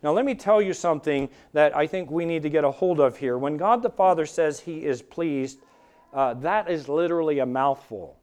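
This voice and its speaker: A man's voice: on the high side, normal speed, a little mellow, clean tone. A man preaching a sermon, with emphatic delivery that swells and drops for dramatic effect. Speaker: pastor.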